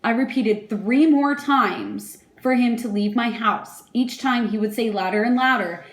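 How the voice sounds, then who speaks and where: A young woman reading her prepared impact statement aloud in a measured, earnest way. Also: on the high side, roomy sound. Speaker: victim giving an impact statement.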